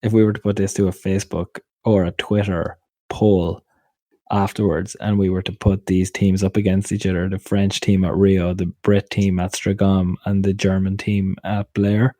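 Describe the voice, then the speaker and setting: A man co-hosting a podcast, chatting casually in an animated, exclamatory way. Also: deep voice, moderate pace, no echo. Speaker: podcast co-host.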